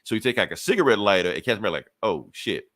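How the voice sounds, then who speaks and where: A man's voice: lowish voice, big pitch swings, very fast, fairly bright tone, no echo. A man casually retelling a comic book story on a podcast, acting out the characters' lines and laughing often. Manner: loose storytelling, acts out quotes, laughs often. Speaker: podcast co-host.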